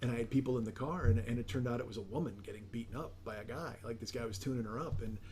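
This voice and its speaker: A man telling anecdotes in a loose, casual chat, jumping into other people's voices as he goes. His pitch sits in the middle for a man, and a faint hiss runs under the recording. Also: very fast. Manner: animated storyteller, acts out quotes, swears freely. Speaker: guest.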